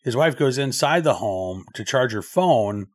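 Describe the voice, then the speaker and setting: Male commentary host, mid-range voice, conversational and halting, thinking aloud on air. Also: mid-range voice, lively intonation. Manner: loose, thinking aloud with frequent filler pauses.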